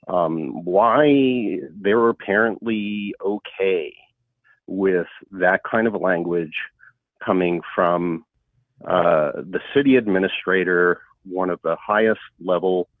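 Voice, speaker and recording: A man giving a halting, earnest public comment over the phone, with many fillers. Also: deep voice, dry recording. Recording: tinny phone line, dry.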